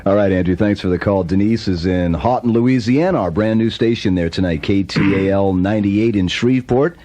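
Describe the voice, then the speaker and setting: Radio dj guy, lowish voice, upbeat announcer delivery, taking calls. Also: brisk, dark tone. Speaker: radio show host. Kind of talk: radio call-in hosting. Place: radio studio.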